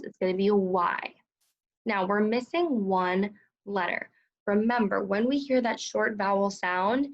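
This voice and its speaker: A woman's voice: medium pitch, dull audio. A woman teaching a phonics lesson to second graders, patiently sounding out words and asking for each letter.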